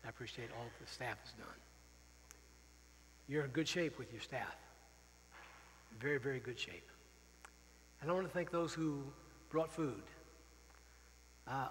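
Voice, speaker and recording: In a church sanctuary, a missionary pastor preaches a farewell sermon, earnest and openly emotional, repeating phrases for emphasis. His mid-range, fairly bright voice comes through a rough recording with big-room sound and slight background noise.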